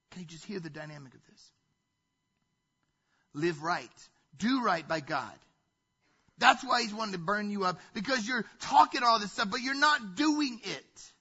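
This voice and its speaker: A man delivers a sermon with a high, bright voice and a husky edge. He preaches emphatically and conversationally, often dropping to a hush. The recording is dull and lo-fi. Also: expressive, measured pace, pauses often.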